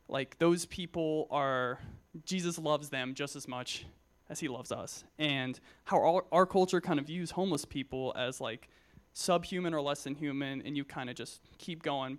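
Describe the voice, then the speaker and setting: A young man in his twenties gives a casual sermon with a slightly higher voice than most men. He talks conversationally, with frequent fillers and restarts, and mixes humor into personal stories. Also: clean tone. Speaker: Christian speaker at a youth gathering.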